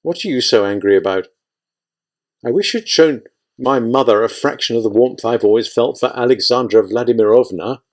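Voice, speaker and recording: A man's voice: mid-range voice, moderate pace, natural voice. A man reading an audiobook, voicing a proud, insecure scientist husband who is irritable and self-pitying. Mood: irritated.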